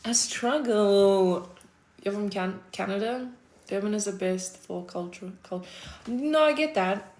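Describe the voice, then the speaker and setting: A woman's voice: mid-range voice, moderate pace. A South African woman chatting casually on a livestream, answering her chat with a laid-back manner, frequent laughs and casual swearing.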